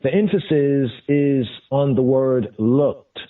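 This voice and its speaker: A man teaching scripture in a deliberate way, repeating and glossing each term as he goes. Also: medium pitch. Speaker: Bible teacher. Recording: distant, phone-like lo-fi sound.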